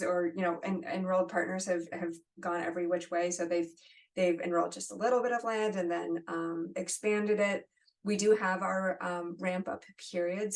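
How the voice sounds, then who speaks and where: A woman moderating an online webinar, answering audience questions in a friendly conversational way over a video call. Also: mid-range voice. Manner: conversational, friendly, apologetic asides. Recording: distant mic.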